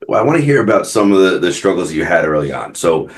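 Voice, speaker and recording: Deep-voiced male podcast host. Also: sing-song, fast. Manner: repeats himself while finding words. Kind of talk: interview questions.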